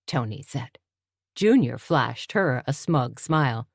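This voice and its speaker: A woman narrating an audiobook in a steady, even way. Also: rumbling low, takes it slowly, breathy edge, no room sound, studio quality.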